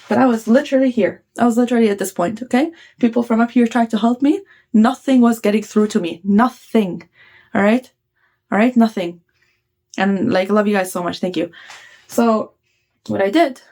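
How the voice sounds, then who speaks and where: A woman's voice: on the high side, darkish tone. Blunt woman giving self-help advice. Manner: blunt, swears, keeps checking in with "okay?". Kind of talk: casual motivational talk.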